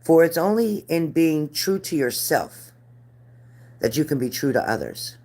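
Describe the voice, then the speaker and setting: A woman's voice: deep voice, big pitch swings, unhurried, darkish tone. A middle-aged woman reading spirit cards live for viewers, chatty and earnest, repeating their names. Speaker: card reader.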